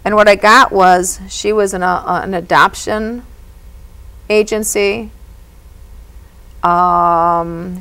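Female medium guest with a fry in her voice, earnest and lively in conversation. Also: medium pitch, low-quality recording. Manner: animated and earnest, often says "you know". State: emotional at moments. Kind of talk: storytelling in a conversation.

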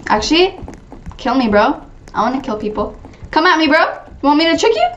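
Giggly high-voiced woman gaming. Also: moderate pace, lo-fi sound, a little hiss or hum. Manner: giggly, chatty, excitable, with squealed greetings. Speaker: gaming channel host. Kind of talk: casual gameplay commentary.

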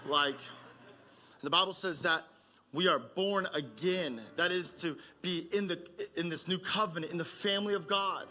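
High, bright-voiced young preacher. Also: male voice, normal speed. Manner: earnest, conversational preaching with frequent restarts. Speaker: pastor. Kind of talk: sermon.

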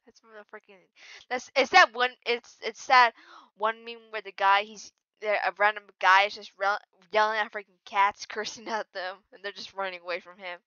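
A woman giving casual gameplay commentary as a channel host, jittery and slangy, dropping from mumbles to sudden yells. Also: medium pitch, steady tone, normal speed, smooth, no room sound, lo-fi sound. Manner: slangy, keeps saying "bro" and "freaking".

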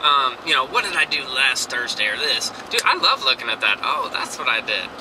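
A man's voice: medium pitch, sing-song, brisk, far from the mic. A man giving a rambling, earnest motivational rant to a handheld camera while out running errands. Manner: rambling, earnest, restarts often. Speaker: vlogger. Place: in a car and outdoors. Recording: noisy car and street background.

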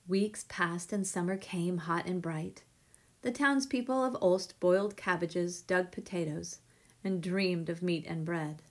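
A woman reading a children's picture book aloud with gentle, measured storytelling. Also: lowish voice.

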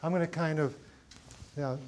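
Setting up lights in a studio during a cinematography workshop, this middle-aged instructor reasons aloud, restarting often and filling pauses. He talks at a normal, steady pace in a slightly high, darkish voice over light background noise, demonstrating lighting hands-on.

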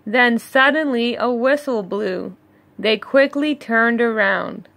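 A woman reading a rhyming children's picture book aloud, slow and measured, with chuckling asides between pages. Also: a little high, vocal fry, fairly bright tone, dry recording. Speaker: read-along storyteller.

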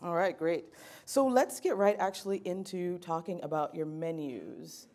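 A woman's voice: fairly low pitch, measured pace, a little mellow. Chatty woman moderating a panel. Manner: chatty, playful, lots of fillers. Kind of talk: hosting a live panel talk.

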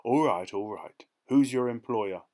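A man's voice: medium pitch, measured pace, natural voice. A man doing a bullying motorcycle cop. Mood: stern. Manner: soft and mocking, then barking. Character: big menacing male motorcycle policeman.

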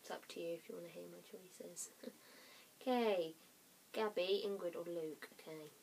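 A woman's voice: lowish voice, moderate pace, gravelly, a little mellow, slight background noise. A young woman vlogging at home, rambling casually, often apologizing and dropping into whispers. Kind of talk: casual chatty vlog.

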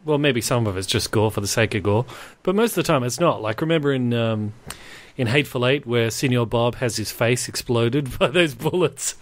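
A man's voice: medium pitch, normal speed. A man co-hosting a film podcast, telling scenes with lots of laughter and acted-out lines. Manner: animated storyteller, acts out scenes, laughs often. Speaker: podcast co-host. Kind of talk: casual film chat.

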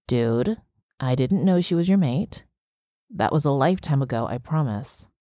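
A woman's voice: a bass voice, expressive, moderate pace, mellow, dry recording, studio quality. Defensive young man, earnest and pleading, voiced by a woman narrator.

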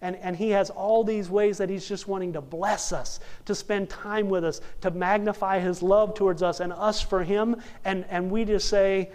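Animated young male preacher, higher voice. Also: normal speed, few pauses. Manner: animated, jokey, acts out characters. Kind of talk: storytelling sermon.

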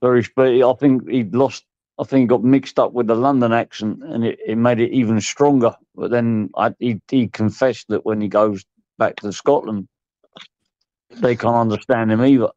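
A man's voice: mid-range voice, fairly even intonation, normal speed, darkish tone, dry recording. Casting: man telling loose anecdotes, muffled lo-fi sound, dry. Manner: rambling anecdotes with chuckles. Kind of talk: casual storytelling chat.

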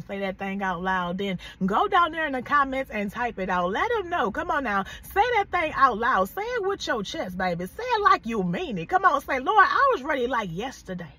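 Fervent high-voiced woman preacher. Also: sharp tone, slightly rough, distant mic. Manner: fervent, calls listeners "baby" and "y'all", urges call-and-response. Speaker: prophetic preacher. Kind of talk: prophetic word sermon.

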